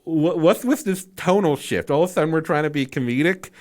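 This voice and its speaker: A man's voice: fairly high pitch, fairly quick. A man giving a casual spoken movie review, incredulous and exasperated, rambling with fillers and restarts and swearing freely.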